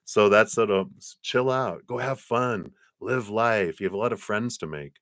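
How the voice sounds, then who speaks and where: A very deep-voiced man gives a relaxed, chatty live tarot reading, laughing easily and reading card texts aloud. His voice sits close and dry on the mic, with hardly any room sound. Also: normal speed, no echo.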